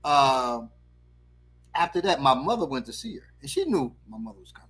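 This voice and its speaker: A man's voice: mid-range voice, brisk, slightly rough. A man hosting a talk show, telling a story animatedly with laughter and acting out the voices of the people in it. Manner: lively, laughing, acts out the voices of the people in his stories. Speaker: host.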